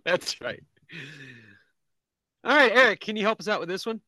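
A man co-hosting a casual comedy podcast, reading memes aloud in a deadpan way and laughing at his own jokes. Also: high voice, moderate pace, no room sound. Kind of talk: casual chat. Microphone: video call.

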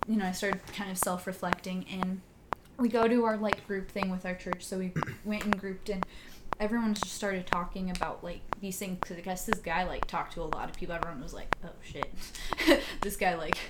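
A woman, a podcast guest, telling a personal story in a casual, halting way with many fillers and restarts, sometimes dropping almost to a whisper. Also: mid-range voice, fairly even intonation. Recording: loud background noise with clicks.

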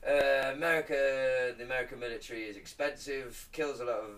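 A man's voice: mid-range voice, steady tone, fairly quick, a bit bright, distant mic. A man co-hosting a casual podcast chat, jokey and sweary with dry asides. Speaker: podcast co-host. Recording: faint noise, off-mic.

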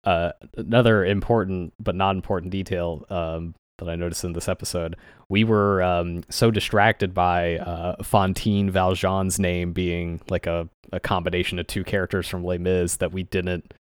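A man's voice: sits low, flat delivery, moderate pace, clear, resonant tone, no room sound. A man co-hosting a podcast, chatting casually with wry asides and frequent laughs. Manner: wry, laughs between points. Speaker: podcast co-host. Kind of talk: casual chat.

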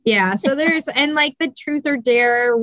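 A woman's voice: high-pitched, unhurried, fairly bright tone. A woman hosting a podcast in casual chat, talking things through with frequent restarts. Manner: chatty, thinks aloud with many restarts. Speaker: podcast host.

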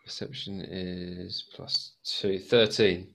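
A man with a low voice chats with his group during a tabletop game. He speaks slowly and in a relaxed way, swearing casually. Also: gravelly, a little hiss or hum.

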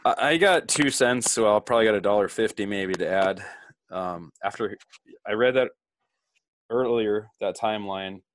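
A man's voice: fairly low pitch, normal speed. A man talks in a rambling way, stacking one question on another. His voice sounds dry and close, with no room echo. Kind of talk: casual online discussion.

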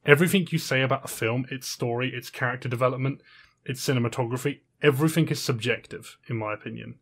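Male podcast co-host with a mid-range voice, earnest and steady, argues his case plainly. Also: medium pitch, fast. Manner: earnest, steady, lays out an argument. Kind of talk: casual chat.

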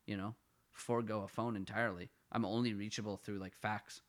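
A man's voice: on the low side, flat delivery, a little fast. A young man from the Ottawa Valley with a Canadian accent, co-hosting a casual comedy podcast and rambling with stumbling restarts and self-mockery. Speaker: podcast co-host.

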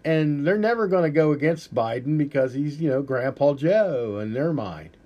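A man's voice: on the high side, animated, normal speed, dark tone, muffled recording. A man hosting a podcast, giving rambling, profane, blunt political commentary in a casual way. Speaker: podcast host.

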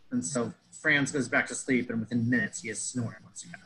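A man's voice: medium pitch, fairly even intonation, fairly quick, few pauses, pushed and bright, poor audio. A man telling a comedic story in a pedantic, wordy way, fussing over grammar and metaphors.

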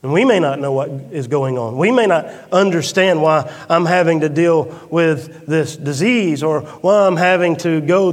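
Pastor, male, slightly high voice, dramatic preaching that drops to a hush; echoing sanctuary. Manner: swings from loud emphatic peaks to hushed quiet storytelling. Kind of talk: sermon. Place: church sanctuary. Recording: long reverb of a church hall.

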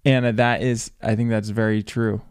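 A man's voice: fairly low pitch, little pitch movement, moderate pace, smooth, no room sound, clean studio sound. A man in a casual faith chat, thoughtful and affirming as he adds his own reflections. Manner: thoughtful, affirming listener who offers quotes.

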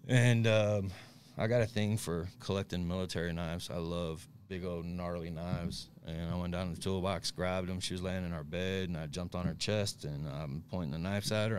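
A man's voice: low voice, steady tone, moderate pace, slight background noise. A man speaking as a guest, telling his recovery story in a blunt, candid way, often tagging "right?" and "um". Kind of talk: recovery story in casual conversation.

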